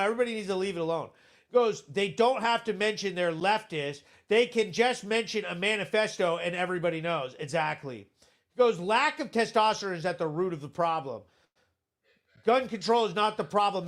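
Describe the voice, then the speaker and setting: High-pitched guy hosting a live stream, blunt and sweary, sarcastic rants. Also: a bit bright. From Vermont. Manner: blunt, profane, sarcastic ranting. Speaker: live show host. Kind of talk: casual livestream commentary.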